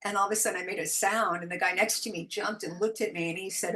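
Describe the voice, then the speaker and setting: A middle-aged woman from the United States, a guest telling spiritual stories in casual interview chat, animated and quick to laugh. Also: mid-range voice, low-quality recording. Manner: animated storytelling, frequent laughs, acts out quoted voices. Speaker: guest, intuitive guide.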